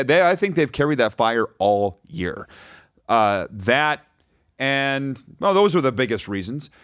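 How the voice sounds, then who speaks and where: Energetic male sports podcast host. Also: medium pitch, no room sound, clean studio sound. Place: podcast studio. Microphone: studio microphone.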